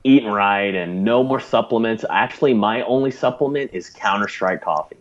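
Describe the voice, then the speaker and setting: Low-voiced profane storyteller man. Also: normal speed, highs cut off. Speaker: podcast guest. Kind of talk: casual chat with sea stories.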